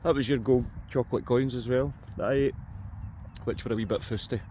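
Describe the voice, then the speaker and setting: A man's voice: mid-range voice, steady tone, brisk, dark tone. Scottish guy rambling and cracking jokes in an open field, bit of outdoor hiss. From Scotland. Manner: jokey, chatty, talks to viewers. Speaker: metal detecting vlogger. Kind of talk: casual vlog narration outdoors.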